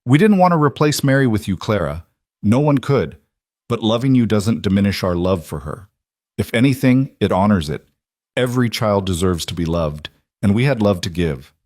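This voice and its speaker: A firm, loving frontier rancher father as a man acts him out, measured and steady in a narrated western. The voice is low and the recording dry and close. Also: no echo, natural voice.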